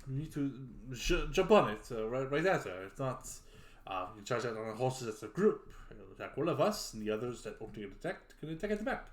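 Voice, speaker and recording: A man's voice: mid-range voice, sing-song, close to an everyday voice. A man doing a proud French knight. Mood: earnest. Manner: hesitant, halting speech. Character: boastful adult male French knight. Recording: roomy echo.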